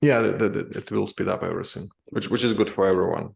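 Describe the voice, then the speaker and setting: A man co-hosting a podcast, talking politics in a halting way, full of restarts and fillers. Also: deep voice, vocal fry. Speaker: podcast co-host. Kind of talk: casual political chat.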